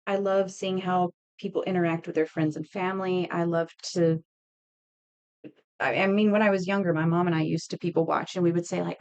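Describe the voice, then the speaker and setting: A thirties-aged woman streams live as she makes earrings, chatting casually with viewers, telling stories and laughing as she reads and answers the chat. Her voice is lowish and smooth, a little mellow, with a steady tone and a slightly quick pace.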